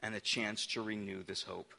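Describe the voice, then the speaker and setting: Middle-aged male pastor, emphatic sermon delivery with stammered restarts, bright tone. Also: fairly low pitch, flat delivery, normal speed, vocal fry.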